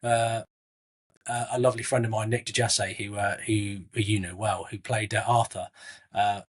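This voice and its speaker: Being interviewed, this middle-aged Southwest English actor keeps things chatty, with frequent false starts, friendly asides and plenty of "mate." He speaks at a moderate pace in a fairly low, level voice with a breathy edge.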